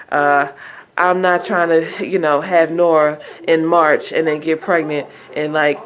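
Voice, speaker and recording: A young woman telling her birth story in a casual home vlog, chatty and laughing often, with her baby beside her. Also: deep voice. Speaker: vlogger.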